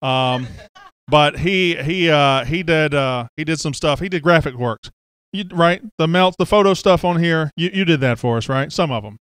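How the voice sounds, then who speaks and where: A man's voice: fairly high pitch, moderate pace, fairly bright tone, smooth, no echo. A man hosting a casual show, joking and teasing the crew as he rambles along. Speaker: host. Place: studio office.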